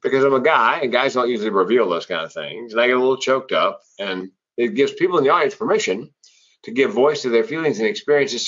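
Husky middle-aged man telling stories. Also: fairly low pitch. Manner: animated storyteller who acts out quoted voices. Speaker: public speaker and former comedian, interview guest. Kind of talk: conversational storytelling in an interview. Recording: slightly dull, lo-fi audio.

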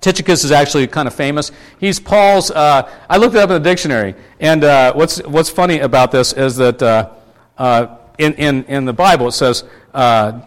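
A man's voice: fairly high pitch, normal speed. Chatty male preacher quizzing his congregation. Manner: chatty, asks the congregation questions; many fillers and restarts. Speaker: pastor. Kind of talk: conversational sermon.

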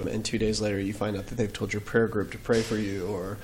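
A man's voice: fairly low pitch, fairly even intonation, moderate pace, hardly any pauses, a little hiss or hum. A man, a guest on an interview show, telling his faith story in an earnest, reflective way.

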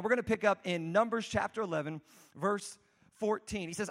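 A man's voice: sits high, expressive, quick pace, fairly bright tone. A man preaching a conversational sermon, telling the story casually with frequent restarts and asides. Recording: long hall reverb.

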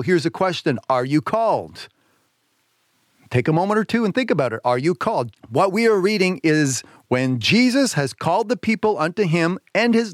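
A fairly high-voiced man preaching on the radio, leaning hard on key words and slowing down to stress each line of scripture. He calls on listeners to say the words along with him. The recording is close and dry, with no room around the voice. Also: dry recording. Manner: emphatic, slows down to stress scripture; invites listeners to repeat lines. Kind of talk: radio sermon.

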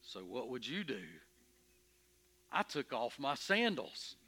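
A man playing Moses in a dramatic first-person sermon, telling his story with emphatic, expressive energy and stammering when anxious. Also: mid-range voice, slow, heavily acted. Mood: earnest. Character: Moses, earnest, stubborn, curious shepherd. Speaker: preacher in character.

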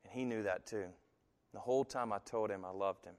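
A man's voice: on the low side, a little fast. Man preaching in a reverberant hall. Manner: animated storytelling, puts on other voices in quotes. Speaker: pastor. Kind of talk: sermon.

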